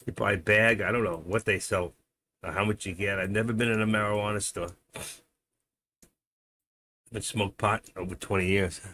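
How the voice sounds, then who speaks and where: A middle-aged day trader on a live stream speaks in a low-leaning, pushed, bright voice with fairly even intonation, a moderate pace, and long pauses, with a little hiss or hum in the audio. He chats casually while trading, rambling, muttering to himself, and chuckling as he tells stories.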